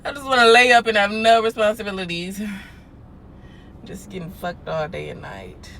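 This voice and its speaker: A young woman chats on her livestream in a bright, forceful voice, blunt and full of swearing. She swings from loud to hushed and back as she talks. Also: medium pitch, animated, normal speed, vocal fry, slight background noise. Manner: blunt and profane, with swings between loud and quiet. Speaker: livestream host. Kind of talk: casual livestream chat.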